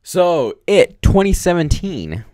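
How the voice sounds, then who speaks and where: A man's voice: fairly high pitch, dark tone, no room sound, clean studio sound. A man chatting casually on a live stream from home, rambling and filling his talk with "um" and "like". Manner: rambling, full of "um" and "like".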